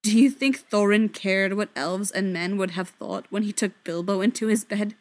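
A woman's voice: mid-range voice, steady tone, a little fast, no echo, close to an everyday voice. A woman reading the lines of a young male dwarf prince who speaks stiffly formal and bitter.

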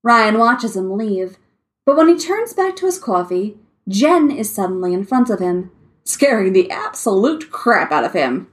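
A woman narrates fan fiction aloud in an expressive storytelling manner. Her pitch swings widely as she reads. Her voice sits at a middling height. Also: measured pace. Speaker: story reader.

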